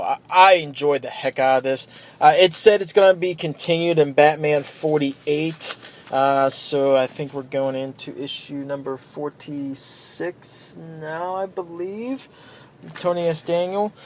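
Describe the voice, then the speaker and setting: A man casually reviewing a comic book, rambling with fillers and restarts. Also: a little high.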